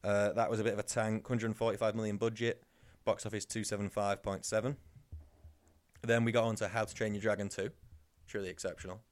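A man's voice: on the low side, level tone, brisk. A man co-hosting a podcast, chatting casually and teasing his co-host with sarcastic asides. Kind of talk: casual chat.

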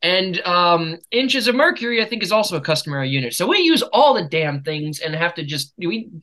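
Bright-voiced, foul-mouthed American man. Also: sits high, sing-song, a little fast, low-quality recording. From United States. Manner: swearing, laughing storyteller. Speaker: podcast host. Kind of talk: casual chat.

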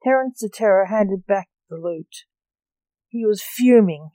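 A woman reading a story aloud with steady, expressive narration. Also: mid-range voice, a little slow, dry recording, rough recording.

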